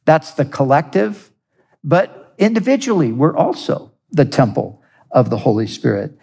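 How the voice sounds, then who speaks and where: A man preaching a sermon, earnest and deliberate, stressing key words through repetition. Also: a little high, sing-song, vocal fry, darkish tone, husky. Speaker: pastor.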